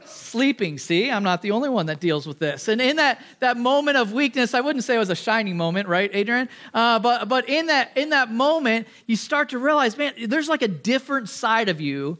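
A man's voice: extremely high pitch, animated, a little fast, hardly any pauses, bright, forceful tone. A man in his thirties, a pastor giving a conversational sermon, often asking the congregation questions and poking fun at himself. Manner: conversational, asks the audience questions, self-deprecating; self-corrects with restarts.

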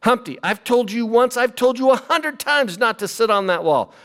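Casting: man playing a shrill, exasperated mother scolding her son, high and pushy. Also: animated, normal speed, fairly bright tone. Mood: exasperated nagging. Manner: nagging, exasperated. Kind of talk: comic impressions in a sermon.

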